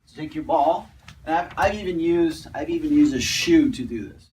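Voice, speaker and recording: A man calmly talking through an exercise step by step as a fitness instructor, often repeating his words. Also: a little high, normal speed, slight background noise, low-quality recording. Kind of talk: casual exercise demonstration.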